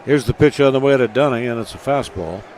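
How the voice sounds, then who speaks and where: Male ballgame announcer, relaxed storytelling, faint outdoor hum, mid-pitched. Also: quick pace. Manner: relaxed, chatty between pitches. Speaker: play-by-play announcer. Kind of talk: baseball radio commentary.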